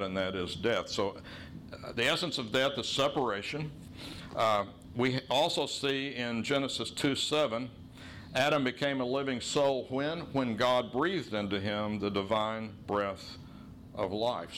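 A middle-aged man preaching a sermon as pastor, teaching in an earnest tone and slowing to stress key phrases. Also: fairly low pitch, fairly bright tone, a little hiss or hum.

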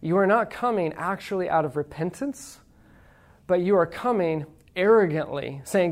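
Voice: medium pitch, normal speed. A preacher delivering a sermon in an easy, conversational manner, asking the congregation questions and reading old quotations aloud with weight. Wry, playful asides break up the teaching. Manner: reads quotations aloud with emphasis.

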